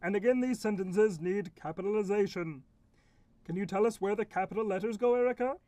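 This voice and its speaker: A woman doing a calm punctuation pal in a children's lesson skit who explains things patiently and hums between thoughts. The voice sits at a middle pitch. The sound is dry and close. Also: brisk, no room sound, natural voice. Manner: patient, explaining, humming "hmm" often. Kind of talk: children's educational puppet skit.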